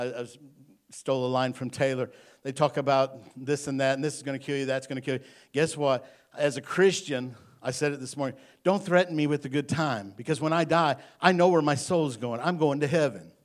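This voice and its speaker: A male pastor preaching a sermon in church, folksy and joking, then building to emphatic repeated lines. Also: fairly high pitch.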